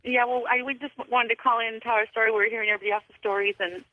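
A woman's voice: on the high side, fairly even intonation, rapid-fire. A woman calling in to a radio show, telling a strange story in a rambling way with many fillers. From California. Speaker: caller. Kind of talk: phone-in storytelling. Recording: tinny phone line.

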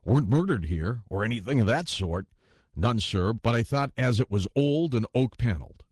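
A man's voice: medium pitch, lively intonation, normal speed, a little mellow, slightly rough, dry recording, studio quality. A man voicing a timid, awkward young male ghost who answers apologetically in an audiobook. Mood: meek, apologetic. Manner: apologetic, hesitant, deferential. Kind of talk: audiobook character voice.

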